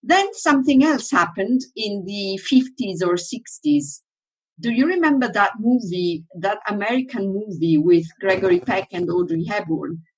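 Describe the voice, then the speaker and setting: A woman's voice: mid-range voice, lively intonation, moderate pace, darkish tone, husky, rough recording. A woman giving a workshop lecture in English, her first language Italian, who often asks the audience questions and then answers them.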